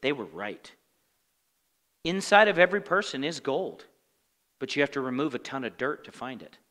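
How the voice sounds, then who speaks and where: A man teaching scripture from the pulpit, his voice bright and lively, swinging from pointed questions to low, muttered impressions of complainers. The sound carries a long church-hall reverb. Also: normal speed. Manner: asks the congregation fill-in questions, animated and conversational; acts out grumbling complainers in muttered asides. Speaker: pastor. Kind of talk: Bible study sermon. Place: church sanctuary.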